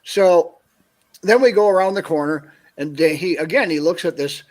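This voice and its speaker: A man from northern Minnesota, a guest, telling an animated story on a video call and acting out what people said. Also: on the high side, normal speed. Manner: animated anecdote, acts out quoted dialogue. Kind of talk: casual storytelling on a call-in show.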